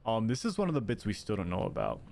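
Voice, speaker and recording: A man streaming a game, thinking aloud, reacting excitedly and chatting with his viewers. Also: lowish voice, fast talker. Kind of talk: casual gameplay commentary. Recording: clear music playing behind the voice.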